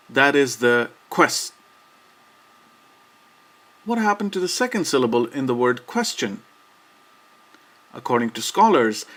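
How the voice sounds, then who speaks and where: A man giving a scripted educational narration about verse, measured and steady, slowing down to recite quoted lines. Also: medium pitch. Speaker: lecturer.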